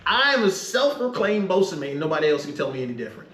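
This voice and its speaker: A man's voice: fairly high pitch, very animated, fast talker, heavy background noise. A middle-aged man, a retired Navy master chief, telling a story as a podcast guest. He talks casually, laughs often and swears freely. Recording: echoey room.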